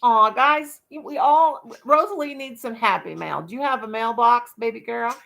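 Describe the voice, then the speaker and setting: A woman's voice: a little high, normal speed, creaky, a bit bright. A woman chatting casually on her livestream, folksy and talkative, breaking into baby talk to her dog now and then. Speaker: livestream vlogger.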